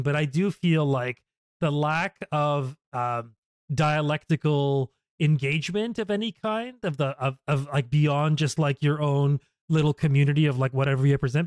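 A man's voice: a little high, no echo. A man hosting a podcast in casual political chat, rambling with many fillers and restarts. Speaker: podcast host. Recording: dry close sound.

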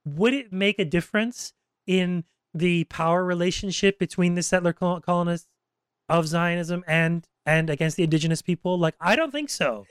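Man, podcast host, slightly high voice, dry close sound, talks in halting searching bits. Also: smooth, dry recording. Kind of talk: casual interview questions.

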